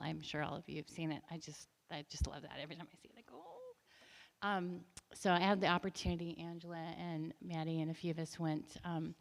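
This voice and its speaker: Chatty low-voiced woman in echoey hall. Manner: enthusiastic, chatty, many fillers. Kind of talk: public meeting report. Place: school board meeting room.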